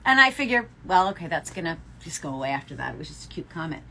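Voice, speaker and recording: A woman's voice: fairly low pitch, very animated, fast, few pauses, pushed and bright, slight background noise. A woman co-hosting a casual podcast chat in a yarn shop, telling stories and laughing often. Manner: chatty storyteller, laughs often. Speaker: podcast co-host.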